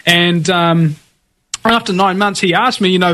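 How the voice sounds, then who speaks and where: A man's voice: high voice, unhurried, sharp tone. A man hosting a radio talk show, ranting emphatically and laughing often.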